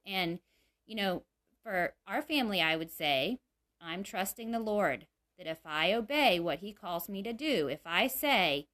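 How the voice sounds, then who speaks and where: A woman's voice: medium pitch, lively intonation, moderate pace, a bit bright. A mother giving parenting advice in a casual, earnest talk, with lots of "you know" fillers.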